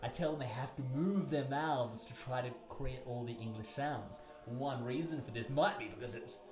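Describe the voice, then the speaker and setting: A man talking casually in a vlog, explaining things in a loose, chatty way, with his loudness rising and falling. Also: medium pitch, moderate pace, echoey room, background noise. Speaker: vlogger, English teacher in Russia.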